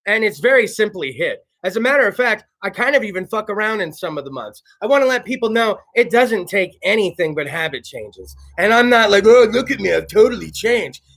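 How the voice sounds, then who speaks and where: Talk show host, male, 30s; bright, high voice; crude, swaggering monologue. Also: very animated, fairly quick, hardly any pauses. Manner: brash, swears constantly, laughs at own jokes. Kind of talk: casual profane monologue.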